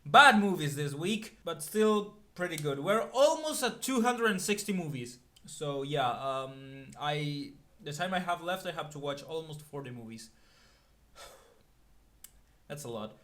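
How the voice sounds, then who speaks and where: A man's voice: fairly high pitch, animated, a little slow, sharp tone. A man giving a casual movie review, emphatic and ranting, often tagging his points with "okay?".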